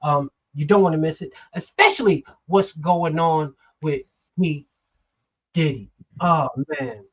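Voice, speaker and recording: A man's voice: fairly high pitch, measured pace, slightly rough. Man, middle-aged, heated talk-show host, emphatic, dull lo-fi recording.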